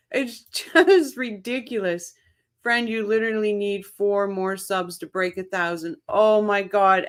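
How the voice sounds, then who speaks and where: A woman runs a relaxed live commentary stream, her voice at an ordinary mid pitch. She talks slowly, lingering on her words, and breaks into laughter as she reacts to comments from her viewers. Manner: chatty, laughs often, reads viewer comments aloud; excitable. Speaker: livestream host. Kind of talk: casual live-chat commentary.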